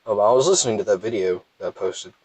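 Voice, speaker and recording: Young man, thick Southern drawl, lowish voice, rambling let's-play commentary, dry close mic. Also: fast talker, a little mellow, slightly rough, no room sound, rough recording. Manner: rambling, self-deprecating, many restarts. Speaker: gameplay commentator.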